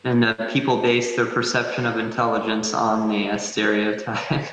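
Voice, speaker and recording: A man talking in a casual chat, hesitant and filling pauses with frequent uh. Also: on the low side, flat delivery, a crowd in the background. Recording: very echoey room with hiss.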